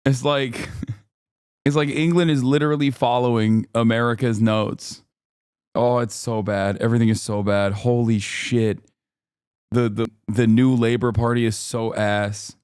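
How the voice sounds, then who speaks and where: A man in his thirties riffs sarcastically over clips, swearing freely and jumping between mock outrage and laughter. His voice is smooth and resonant, recorded dry and close with no room sound. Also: mid-range voice, unhurried, no room sound. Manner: profane, sarcastic, animated. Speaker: streamer reacting to videos. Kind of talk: casual streaming commentary.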